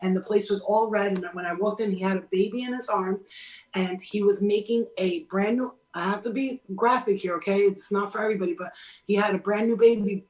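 A woman's voice: medium pitch, a little fast, a little mellow. Blunt, emphatic woman in a roomy space. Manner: blunt, emphatic, swears freely. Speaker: spiritual advice speaker. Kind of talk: casual spiritual talk.

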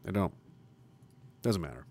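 Brief: swearing livestream host, lively pitch, dry close sound, jumps from loud to muttered. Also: male voice, a little slow, vocal fry, dry recording. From Canada. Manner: profane, animated, swinging between loud emphasis and muttering. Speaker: livestream host reading viewer comments. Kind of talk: casual ranting livestream monologue.

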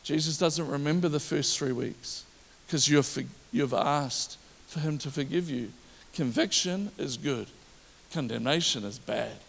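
A man delivers a sermon in a high, gravelly voice, speaking straight to his congregation and asking whether they follow. His words ring through the long reverb of a large hall. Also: unhurried, a little hiss or hum. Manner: animated preaching with audience asides. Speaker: pastor.

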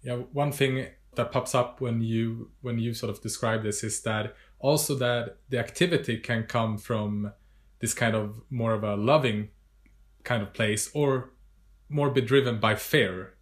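A man's voice: mid-range voice, fairly even intonation, measured pace. A man talks on a video call in a loose, casual way. He hesitates, restarts his phrases and fills gaps with "like" and "sort of". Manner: hesitant, repeats words, casual fillers. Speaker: guest.

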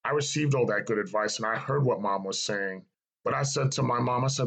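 A man's voice: medium pitch, fairly quick, gravelly, fairly bright tone, poor audio. A middle-aged man giving an earnest, reflective personal testimony and repeating phrases for emphasis. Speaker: speaker sharing his life story.

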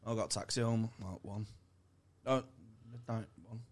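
Hungover co-host, crude and jokey, rambling anecdotes. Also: male voice, lowish voice, fairly even intonation, moderate pace. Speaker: podcast co-host. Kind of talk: casual comedy chat.

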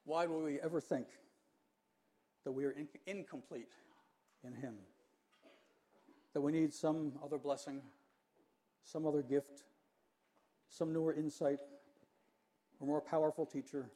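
Older male preacher, measured and earnest, warm mellow tone, slightly raised pitch. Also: fairly even intonation. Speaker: pastor. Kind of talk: sermon.

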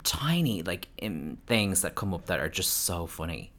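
A woman co-hosting a casual chat podcast, animated, laughing often and mimicking quotes. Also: rumbling low, moderate pace. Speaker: podcast co-host.

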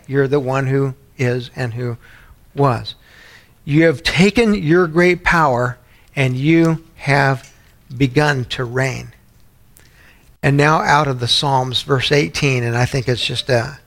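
A pastor preaching a sermon, emphatic, building to loud repeated points, then dropping quiet. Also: male voice, mid-range voice, creaky.

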